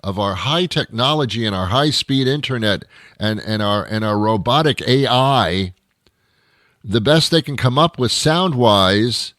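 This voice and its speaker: A man's voice: medium pitch, expressive, measured pace, fairly bright tone, no echo. A male comedian rambles through a grumbling rant, tripping over his own words and starting sentences again. His voice sits in a middle register and is recorded close and dry, with no room sound around it. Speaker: comedy show host. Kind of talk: comedic monologue.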